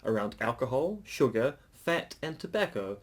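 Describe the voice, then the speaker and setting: A man co-hosting a casual podcast, dry and sardonic, reading news items briskly. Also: medium pitch, sing-song. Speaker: podcast co-host.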